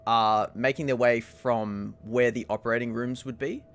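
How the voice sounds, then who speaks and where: A man running a tabletop game as game master, narrating calmly and asking for rolls. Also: mid-range voice, moderate pace, clear, resonant tone.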